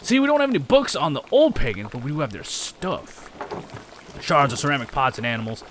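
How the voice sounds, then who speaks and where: A man's voice: mid-range voice, big pitch swings, fairly quick, noisy background, close to an everyday voice. A man voicing a plain-spoken male farmer in a game, blunt and matter-of-fact.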